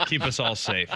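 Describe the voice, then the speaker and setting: A man's voice: fairly high pitch, vocal fry, background noise. A man co-hosting a sports radio show, answering with dry one-word quips and laughing often. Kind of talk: casual sports talk. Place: radio studio.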